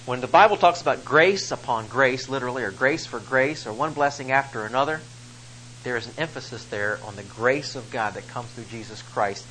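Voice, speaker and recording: A man's voice: medium pitch, brisk, pushed and bright, slight background noise, poor audio. A man preaching a sermon, reading scripture and explaining it with rising emphasis on key phrases. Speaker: pastor.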